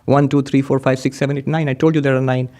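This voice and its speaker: A man playing a calm, wise old man who gently reassures grieving travellers in a spoken parable. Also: medium pitch, fast talker, lightly acted. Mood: reassuring.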